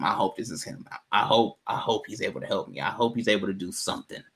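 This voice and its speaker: A man telling a personal story in casual podcast chat, animated, laughing often and jumping high when quoting himself. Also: fast talker, hardly any pauses.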